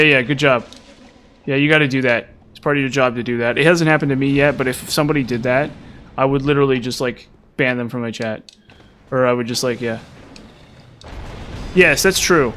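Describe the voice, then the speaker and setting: A man's voice: medium pitch, fairly bright tone, slight background noise. A man with a mild Utah accent, chatting casually with viewers on a live stream. He rambles, repeats words and uses many fillers. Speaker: gaming streamer.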